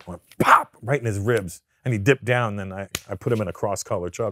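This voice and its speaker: A man who grew up in Canada talks as a comedian guest in a sit-down interview. His voice sits a little low and he tells his stories with plenty of cursing, acting out the people in them. The sound is dry and close to the mic. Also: fast, dry recording. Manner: profane, animated storyteller who acts out the people in his story. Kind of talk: casual storytelling interview.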